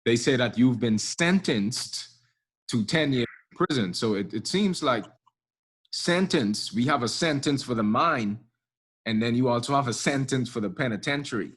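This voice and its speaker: A man with a husky, slightly breathy voice, speaking tentatively in casual chat. He leans on "you know" as he works toward his point. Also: mid-range voice, animated, normal speed, fairly bright tone.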